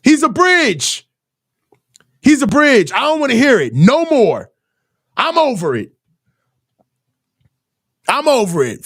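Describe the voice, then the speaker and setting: A man hosting a live football reaction stream, ranting in exasperation with heavy slang and frequent shouting. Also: high-pitched. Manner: shouts often in frustration. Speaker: sports reaction host. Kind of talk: live game reaction commentary.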